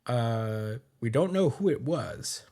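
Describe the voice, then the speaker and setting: A man's voice: medium pitch, animated, slow, mellow. A man hosting a podcast, chatting casually with many fillers and frequent laughs while he recaps a comic chapter. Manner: rambling, filler-heavy, laughs often. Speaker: podcast host.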